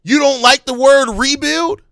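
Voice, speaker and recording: A man's voice: very high-pitched, unhurried, creaky, no echo, studio quality. A man hosting a sports podcast live, giving impassioned, heavily profane fan commentary. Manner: calmer, apologetic stretches between outbursts.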